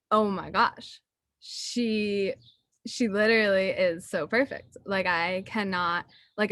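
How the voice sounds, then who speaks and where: A woman's voice: mid-range voice, pushed and bright, no room sound, clean studio sound. A young woman giving a chatty, gushing tribute to a friend at a student ceremony, full of fillers and getting emotional. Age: young adult. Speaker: student speaker honoring a friend. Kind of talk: heartfelt tribute speech.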